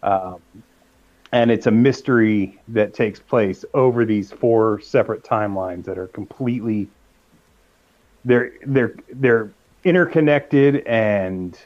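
A man's voice: lowish voice, unhurried, a little mellow. A man co-hosting a podcast in casual chat, speaking eagerly and emphatically. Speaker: podcast co-host. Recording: dull lo-fi mic.

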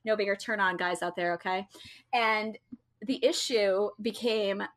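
Casual woman co-host, bright voice, rambling anecdote delivery. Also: mid-range voice, measured pace. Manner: chatty storyteller, many fillers and restarts. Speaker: co-host telling a travel story. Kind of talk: casual chat.

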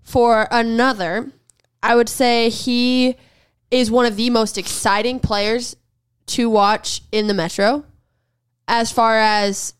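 A woman co-hosting a casual sports podcast, with a smooth, clear voice pitched a little high. She argues bluntly and firmly, pushing back hard on her co-host's picks. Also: level tone, slow. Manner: assertive and blunt, pushes back with firm opinions. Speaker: podcast co-host. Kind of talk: casual sports debate chat.

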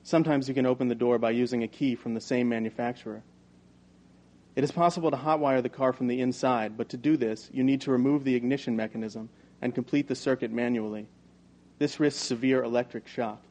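Male audiobook narrator, mid-range voice, even and measured first-person storytelling. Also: mid-range voice. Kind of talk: first-person novel reading.

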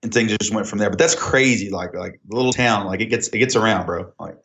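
A man's voice: on the low side, brisk. A man from Oklahoma with a Southern Oklahoma accent, telling stories in a casual podcast chat and laughing often. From Oklahoma, USA. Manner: animated storyteller, laughs often. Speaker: podcast guest. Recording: dull lo-fi sound.

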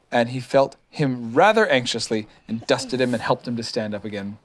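A man reading a storybook aloud to a child, lively and expressive. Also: mid-range voice, normal speed, few pauses, slight background noise. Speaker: reader.

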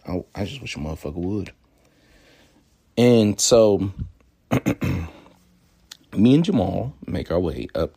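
Young man, low gravelly voice, dry close sound, casual storytelling, swears freely, acts out dialogue. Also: mellow, no room sound. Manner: loose and profane, acting out quoted dialogue.

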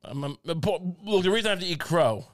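A man's voice: sits high, animated, quick pace. A man co-hosting a podcast, rambling through comic tangents with lots of restarts and self-mocking jokes. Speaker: podcast co-host. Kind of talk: casual comedic chat.

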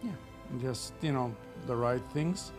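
A man's voice: mid-range voice, measured pace, over music. A man, a liquor store owner, speaking earnestly in non-native English as a podcast guest. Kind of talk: casual podcast chat.

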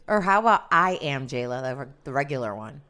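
A woman's voice: rumbling low, big pitch swings, brisk, bright, forceful tone. A woman who works in radio, co-hosting a podcast in a playful, bubbly casual chat. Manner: playful, bubbly, laughs often. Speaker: radio personality, podcast co-host.

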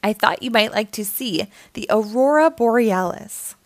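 A woman's voice: on the high side, expressive, unhurried, no echo. Woman reading as a cheerful old Santa. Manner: warm, smiling, gently explaining.

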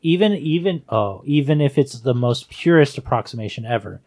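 A man co-hosting a podcast, talking about films with enthusiasm and drawn-out musing. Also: medium pitch, expressive, darkish tone. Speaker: podcast co-host. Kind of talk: casual film discussion.

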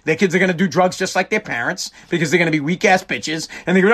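A man's voice: high voice, fast, hardly any pauses, a bit bright, breathy edge. A middle-aged man hosting his show, delivering a blunt, profane, combative monologue. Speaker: host. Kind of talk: opinionated monologue.

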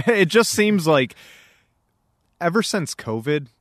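Young man, podcast co-host, casual rambling chat, laughs a lot, swears, lively swooping pitch, dry close sound. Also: takes it slowly, dry recording. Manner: laughs often, swears freely, rambling storyteller.

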